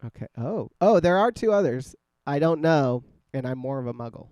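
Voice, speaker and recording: Mellow laid-back male podcast host. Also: medium pitch, expressive, normal speed, no echo. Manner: laid-back, joking, swears casually. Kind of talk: casual podcast chat. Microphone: scarf-wrapped microphone.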